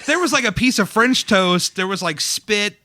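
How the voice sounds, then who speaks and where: A man's voice: high-pitched, lively intonation, moderate pace, pushed and bright, a little hiss or hum. A man, hosting a casual podcast chat, rambling and self-deprecating with frequent laughs. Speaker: podcast host. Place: dining room.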